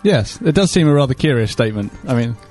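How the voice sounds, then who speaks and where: A man speaks as a studio guest on a casual radio chat. He rambles with a dry, self-mocking humour. His pitch is middling, with faint music underneath. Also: expressive, fast, darkish tone.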